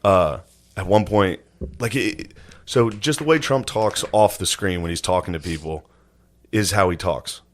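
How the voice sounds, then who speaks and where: A man's voice: sits low, unhurried. A man in his thirties co-hosting a comedy podcast, telling laid-back stories, acting out quotes and laughing often. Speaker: podcast co-host. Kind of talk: casual comedy podcast chat.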